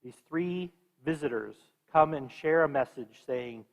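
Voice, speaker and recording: A man with a fairly high voice leads a confirmation class in conversation. He keeps quizzing the students as he goes. His voice carries a long reverb from a large church hall. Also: measured pace. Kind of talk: teaching a class.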